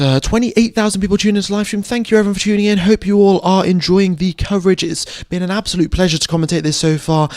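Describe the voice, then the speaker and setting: Excitable young man calling a race. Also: fairly high pitch, no echo, studio quality. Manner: excitable, chatty, talks straight to viewers. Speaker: live stream race commentator. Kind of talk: live motorsport commentary. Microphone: headphones on, home streaming mic.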